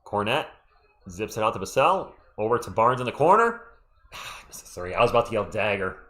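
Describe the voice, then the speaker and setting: A man calling a game live on his stream, bouncing between quick play calls and friendly shout-outs to the chat. His pitch rises and falls all the time, climbing sharply on big plays. His voice is getting worn and thin from talking. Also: sing-song. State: losing his voice. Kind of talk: casual live play-by-play commentary.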